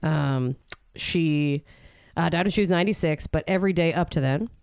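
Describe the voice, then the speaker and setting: A woman in her thirties performing a stand-up comedy set on a club stage, brash and animated, jumping into high exasperated outbursts. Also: moderate pace, clean tone, no room sound. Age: 30s. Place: comedy club stage before a live audience.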